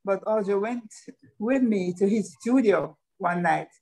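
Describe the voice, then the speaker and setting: A woman guest reminiscing in casual podcast chat, speaking haltingly. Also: mid-range voice, darkish tone.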